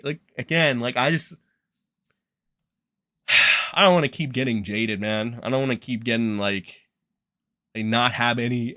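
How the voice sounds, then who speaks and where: Bright-voiced man ranting on stream. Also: mid-range voice, no echo, clean studio sound. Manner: profane, exasperated, rambling. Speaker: live-stream host. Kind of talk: casual live-stream commentary.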